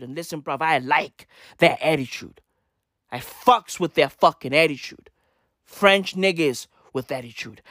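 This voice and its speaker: A man's voice: on the high side, fairly bright tone, dry recording, clean studio sound. A man podcaster delivering a profane, emphatic rant, repeating his points over and over. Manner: emphatic, repetitive, heavy swearing. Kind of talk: profane ranting commentary.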